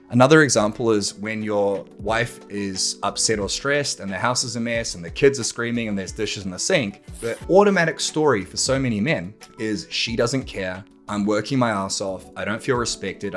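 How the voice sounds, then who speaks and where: A man's voice: fairly low pitch, a bit bright. Blunt, swearing man hosting a podcast. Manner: blunt, swears freely, acts out quoted arguments. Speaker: podcast host. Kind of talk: monologue to camera.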